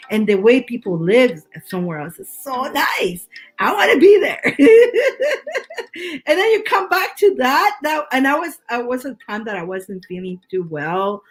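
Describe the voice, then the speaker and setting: Chatty woman tarot reader over faint music. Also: medium pitch. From Canada. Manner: chatty, rambling, with many restarts. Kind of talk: casual chat.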